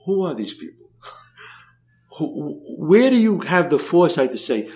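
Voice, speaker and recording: A man's voice: a little high, measured pace. An older man telling stories in a conversational interview, acting out the dialogue as he goes and often repeating words. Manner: animated storyteller, acts out dialogue, repeats words. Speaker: guest.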